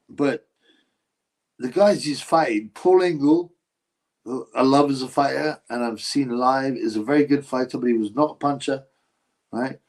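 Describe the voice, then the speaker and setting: A man's voice: medium pitch, low-quality recording. A man hosting a casual boxing livestream, reading chat and giving blunt, mocking opinions.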